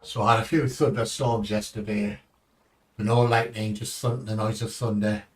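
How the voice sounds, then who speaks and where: A man's voice: fairly low pitch, steady tone, moderate pace, distant mic. An English man streaming a game, chatting in a rambling way and swearing casually as he plays. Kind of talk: casual gaming commentary.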